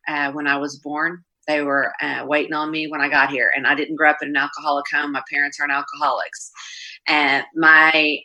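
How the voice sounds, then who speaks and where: A woman's voice: low-pitched, bright, forceful tone, rough recording. A middle-aged woman from Oklahoma giving a candid, plainspoken recovery talk at a meeting over a video call, with frequent ums and restarts. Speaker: Al-Anon speaker.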